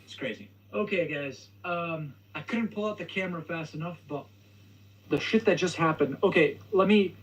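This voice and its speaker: With his video playing from across the room, a young host tells a story in a slightly high voice at a moderate pace, stammering and restarting as he hesitates. The mic is far away and the recording is rough.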